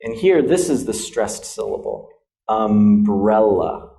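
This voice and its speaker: A man's voice: medium pitch, takes it slowly, warm tone. An American man teaching English pronunciation, demonstrating vowel sounds and checking in with "okay?" after nearly every point. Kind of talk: classroom pronunciation lesson.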